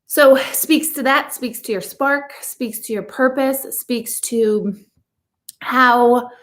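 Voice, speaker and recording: A middle-aged intuitive coach with a slightly high voice speaks slowly. She chats casually and candidly with her viewers live, blunt and talkative.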